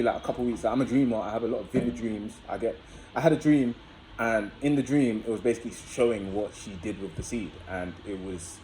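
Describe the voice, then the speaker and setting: Mellow-voiced young man telling a story. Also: mid-range voice, a little hiss or hum, low-quality recording. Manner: chatty, addresses viewers as guys, many fillers. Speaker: vlogger. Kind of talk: casual storytelling to camera.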